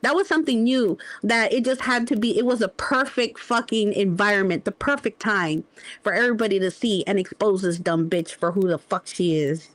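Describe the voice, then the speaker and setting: A woman's voice: medium pitch, no room sound. A woman hosting a livestream, ranting in a heated, profane, confrontational way. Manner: profane, confrontational, drawn-out insults. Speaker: livestream host.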